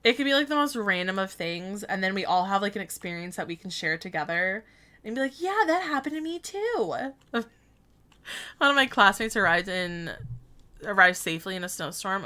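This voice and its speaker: Twenties woman streamer, bright voice, rambly storytelling, laughs a lot. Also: medium pitch. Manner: chatty storytelling, laughing often, quoting herself. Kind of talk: casual chat while streaming a game.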